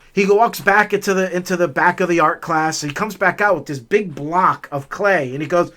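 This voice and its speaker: A middle-aged man with a high, bright voice chats through a personal story as he walks a forest trail. His telling is animated and casual, and he jumps up in pitch and volume whenever he acts out what someone said. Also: a little fast, few pauses. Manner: animated, chatty, raises his voice for acted-out quotes. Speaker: vlog host. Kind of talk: casual storytelling while hiking.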